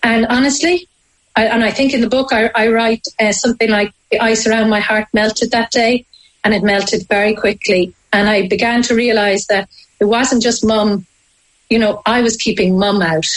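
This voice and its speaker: An Irish woman from Ireland tells a deeply personal story as an interview guest, halting and emotional with frequent restarts. Her tone stays steady, though the recording quality is low.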